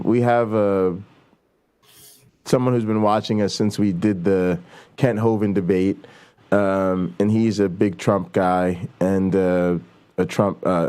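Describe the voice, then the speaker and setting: A middle-aged man hosts a casual talk show and rambles loosely. His speech is full of fillers and swearing. His voice sits on the low side. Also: warm tone, clean tone. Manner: rambling, profane, with many fillers. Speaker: host. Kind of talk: casual chat.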